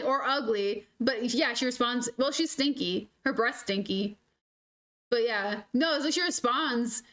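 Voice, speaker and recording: Young woman streamer, slightly high-pitched, rambles through anecdotes in casual, animated chat. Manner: rambling, animated storytelling full of "like". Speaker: gaming streamer. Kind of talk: casual chat while gaming.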